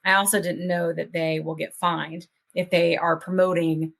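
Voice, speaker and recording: A woman's voice: fairly low pitch, level tone, normal speed, creaky. A woman hosting a podcast, talking casually in long, earnest, hopeful run-on thoughts. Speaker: podcast host.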